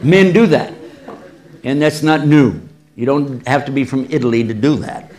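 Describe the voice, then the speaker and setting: A man's voice: medium pitch, moderate pace, a crowd in the background, noisy background. A man speaking as an Islamic lecturer in a public talk, answering audience questions by telling stories with humor and acting out quoted voices. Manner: animated storyteller who acts out quoted voices with humor.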